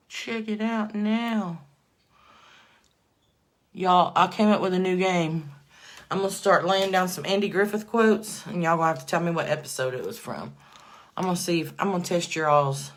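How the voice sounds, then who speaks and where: A woman chatting casually to viewers on a livestream while doing her makeup, excitable and prone to loud bursts of praise. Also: on the low side. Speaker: livestream host.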